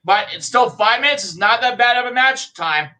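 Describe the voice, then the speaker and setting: A young man co-hosting a casual chat, excitable and quick to shout and swear. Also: very high voice, rough recording. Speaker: co-host.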